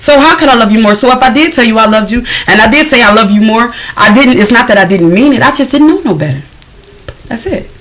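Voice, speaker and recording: A woman's voice: fairly high pitch, animated, fast talker, a bit bright, rough recording. A woman singer-songwriter guesting on a podcast, telling her story frankly and animatedly, with slang. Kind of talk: candid podcast conversation.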